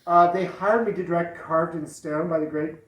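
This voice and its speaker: A man's voice: fairly high pitch, fairly even intonation, moderate pace, a crowd in the background. Man, interviewer, rambling, laughing, distant mic, roomy echo, audience around. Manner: chatty, rambling, full of fillers and laughter. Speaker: interviewer and theatre director. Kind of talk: casual chat at a live bookstore event. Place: bookstore event with an audience.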